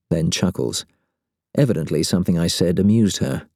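A man reads a first-person novel with wry, sardonic timing. His voice sits very low and sounds mellow and dark. The recording is close and dry. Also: normal speed, creaky, breathy edge, no echo. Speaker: audiobook narrator. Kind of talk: first-person audiobook narration.

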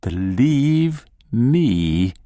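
A man voicing a sly, cryptic male gnome who speaks slowly and deliberately, in a hushed tone. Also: medium pitch, sing-song, no echo, studio quality, exaggerated voice. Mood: insistent. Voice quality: slow, deliberate, hushed delivery.

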